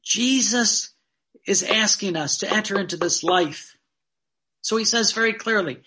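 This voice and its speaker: Fervent preacher with a bright, forceful voice. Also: mid-range voice. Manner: earnest and fervent, slows down to read quoted passages. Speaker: religious teacher. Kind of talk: sermon-style teaching with read-aloud passages.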